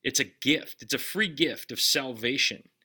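A man preaching a sermon in a conversational way, putting direct questions to his listeners and dropping his voice low on key lines. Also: normal speed, bright, forceful tone, slightly rough. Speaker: pastor.

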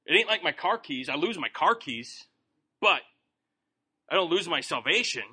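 Folksy high-voiced man preaching. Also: lively intonation, moderate pace, pushed and bright, breathy edge. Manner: folksy, joking, conversational. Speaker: Bible study teacher. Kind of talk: informal sermon.

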